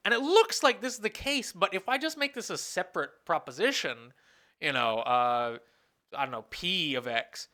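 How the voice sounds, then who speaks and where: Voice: mid-range voice, sharp tone. A professor giving a recorded lecture, thinking aloud, asking questions and answering them, and often correcting themself mid-sentence. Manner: asks the class questions and then answers them.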